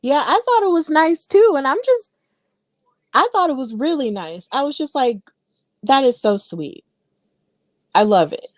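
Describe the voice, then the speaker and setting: A woman's voice: high voice, lively intonation, moderate pace, no room sound. Chatty enthusiastic woman recapping wrestling. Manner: enthusiastic, chatty, many fillers. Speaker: podcast co-host.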